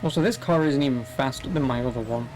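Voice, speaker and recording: A man's voice: mid-range voice, fast talker, a little mellow, faint music behind. Chatty young man, rambling. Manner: rambling, chatty, swears casually. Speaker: streamer. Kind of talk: casual gameplay commentary.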